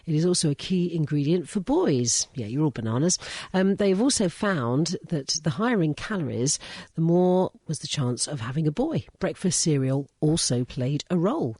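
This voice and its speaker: A woman co-hosting a radio science show, reading out listener questions in a lively, playful way. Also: sits low, husky, dry recording, clean studio sound.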